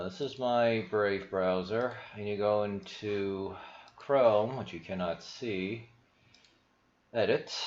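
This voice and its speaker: A man's voice: lowish voice, reverberant, muffled recording. A man chatting casually on a stream about markets, slightly out of breath, wandering from thought to thought with lots of restarts. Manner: meandering, many restarts, thinks aloud. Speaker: crypto and stock market streamer. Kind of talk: casual rambling livestream talk.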